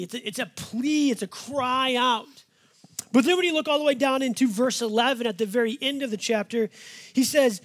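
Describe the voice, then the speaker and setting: A pastor and father of five delivers a folksy, conversational sermon with an extremely high-pitched voice. He slows down whenever he wants to stress the scripture he's reading.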